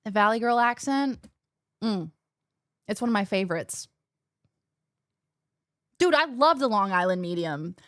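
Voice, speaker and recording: A woman's voice: medium pitch, measured pace, pauses often, dry recording, clean studio sound. A young woman from Illinois with a faint mix of Midwestern and West Coast accents, chatting casually on a live stream, reading chat aloud and laughing easily. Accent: faint mixed Midwestern and West Coast American. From Illinois, USA. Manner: chatty, animated, laughs often, swears casually.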